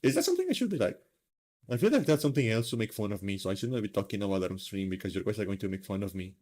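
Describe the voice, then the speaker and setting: A man's voice: lowish voice, very animated, racing, a little mellow. A man hosting a live stream, chatting casually in a rambling, self-mocking way with lots of fillers. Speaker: streamer host.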